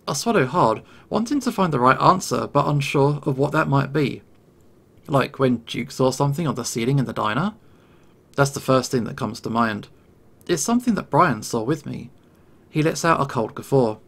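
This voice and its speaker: A man narrating a first-person story in a tense, measured way. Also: mid-range voice, animated, creaky, a bit bright, slightly rough.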